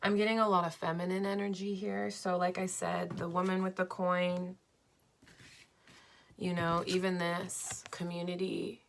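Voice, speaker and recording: A young woman reading tarot cards for her viewers at home, slow and dreamy but enthusiastic, with lots of "like"s. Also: lowish voice, level tone, creaky, slight background noise. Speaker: tarot card reader. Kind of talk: pick-a-card tarot reading.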